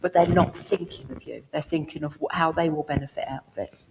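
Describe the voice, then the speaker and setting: A woman's voice: sits low, fairly quick, gravelly, darkish tone, slight background noise. A woman giving a spiritualist mediumship reading in a village hall, chatty and down-to-earth, talking directly to a listener. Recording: long hall reverb.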